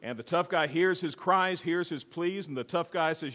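A male pastor preaches in a church, telling a story emphatically and calling for amens. His voice sits a little high, and a long hall reverb trails every phrase. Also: moderate pace, hardly any pauses, a bit bright. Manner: storytelling, emphatic, call-and-response. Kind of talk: sermon. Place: church sanctuary.

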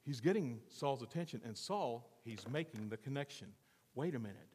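A man preaching a sermon with dramatic swings from loud to hushed, acting out the voices in the story. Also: medium pitch, lively intonation, normal speed, husky, in a large hall. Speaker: pastor.

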